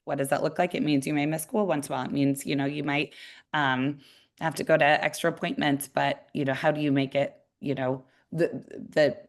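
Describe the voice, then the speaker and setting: Low-pitched mom guest, measured, searching for words. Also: female voice, steady tone. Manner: thoughtful, many fillers and restarts. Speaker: parent guest. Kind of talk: casual chat on a video call.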